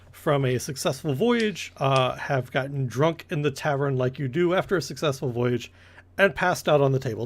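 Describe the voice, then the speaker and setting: A man running a tabletop game as game master, narrating loosely and correcting himself as he goes. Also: fairly high pitch. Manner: rambling, corrects himself often.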